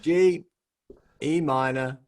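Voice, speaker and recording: A man's voice: on the high side, very slow, a little mellow. A man co-teaching a guitar lesson, choosing chords hesitantly and thinking aloud.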